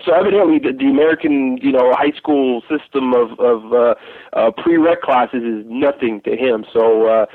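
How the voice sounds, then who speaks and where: A man's voice: medium pitch, moderate pace, no room sound. A man chatting about football recruiting on a podcast, rambling, with plenty of restarts. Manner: rambling, with many fillers and restarts. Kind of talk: casual podcast chat. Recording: tinny phone line.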